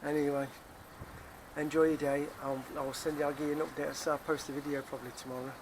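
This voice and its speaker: Rambling English vlogger, Nottingham accent, slightly high male voice, phone mic outdoors with clear traffic noise. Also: level tone, fast talker. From England. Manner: chatty, rambling, repeats himself. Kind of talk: casual rambling vlog monologue. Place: outdoors near a car park.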